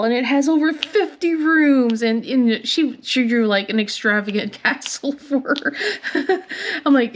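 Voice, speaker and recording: Crafting vlogger, woman, 30s; higher pitch, loose rambling chat, frequent giggles, slight cough. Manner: rambling, chatty, laughs often. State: coughing from bad air. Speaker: crafting channel host. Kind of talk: casual chat while crafting.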